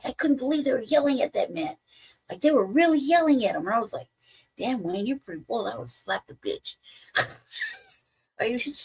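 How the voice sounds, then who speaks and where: A middle-aged woman talks through political commentary in a blunt, profane way. She laughs often and throws in animated asides. Her voice sits in a middle pitch. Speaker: podcast co-host.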